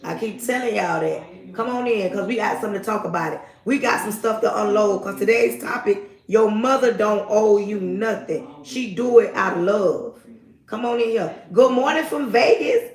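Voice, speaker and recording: A woman's voice: medium pitch, normal speed, roomy sound. A woman from the United States, hosting a casual livestream with emphatic, repetitive greetings. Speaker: livestream host.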